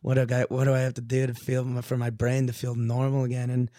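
A man's voice: mid-range voice, completely flat delivery, fast talker, warm tone, no echo, clean studio sound. A young man, a comedian and podcast guest, telling stories in a rambling, filler-heavy casual chat. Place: podcast studio.

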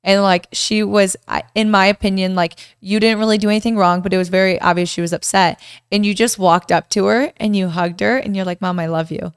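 A young woman in her twenties co-hosts a couple's podcast, chatting casually and animatedly and telling stories packed with "like." Her medium-pitched voice is clear and resonant, a little fast, with studio-quality sound and no room noise.

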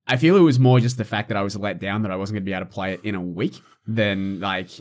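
A man's voice: lowish voice, fast talker, darkish tone. A young man co-hosting a casual podcast, ranting in exasperation and peppering his talk with likes. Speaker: podcast co-host. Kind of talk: casual chat.

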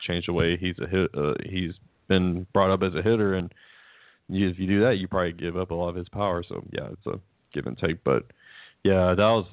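A man's voice: sits low, steady tone, a little fast, no echo. A man, co-hosting a casual sports chat, rambling and restarting his sentences. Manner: rambling, restarts often, laughs at own jokes. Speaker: podcast co-host. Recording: tinny phone-like line, dry.

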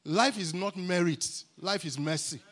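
A man with a Nigerian accent preaching a sermon at a church camp meeting, exuberant and calling for responses, at times rising to shouts. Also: high-pitched, a little slow. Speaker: guest preacher.

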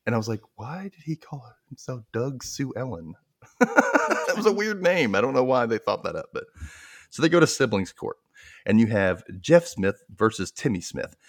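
This podcast host, a man with a medium pitch and moderate pace, casually recaps a sketch show. He's an animated storyteller who performs lines from it and laughs frequently.

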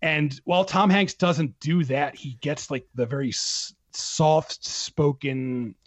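A man talking about films as a podcast guest, in an animated casual way with many restarts and fillers. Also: on the high side, slow, no echo. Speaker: film critic guest.

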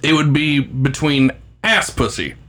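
A man's voice: medium pitch, a little slow, a bit bright. A man co-hosting a podcast, joking in crude casual chat with slang like bro and dude. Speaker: podcast co-host.

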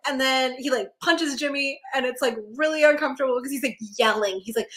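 A woman's voice: high-pitched, fairly even intonation, brisk, fairly bright tone. A young woman co-hosting a podcast, chatting casually about a TV episode, full of "like" and acting out characters' lines. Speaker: podcast co-host. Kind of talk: casual chat recapping a TV episode.

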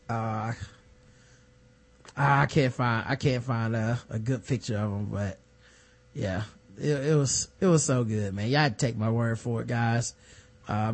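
A man co-hosting a casual podcast chat, animated and profane, acting out the people he quotes. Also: mid-range voice. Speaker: podcast co-host.

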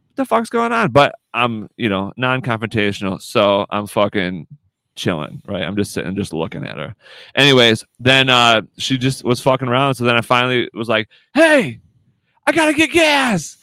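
A man's voice: mid-range voice, sharp tone, clear, resonant tone, no room sound. A man hosting a casual podcast, rambling and swearing through a story. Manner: rambling, swears a lot, laughs at own stories. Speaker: podcast host. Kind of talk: casual profane chat.

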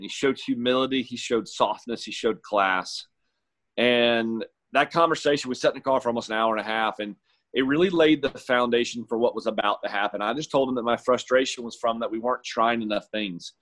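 A man's voice: mid-range voice, brisk, fairly bright tone. A man who works as a golf caddie, telling his story in an interview in an earnest, heartfelt, reflective way.

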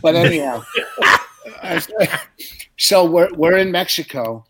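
A man's voice: a little high, lively intonation, slow pace, a bit bright. A middle-aged man, a comedian hosting a podcast, chatting casually and rambling through stories while laughing at his own jokes. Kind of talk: casual chat.

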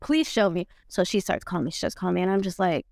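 A woman guest on a podcast, telling a personal story in a blunt, profane and animated way. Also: lowish voice, very fast, gravelly, dry recording, clean studio sound. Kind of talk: candid conversational storytelling.

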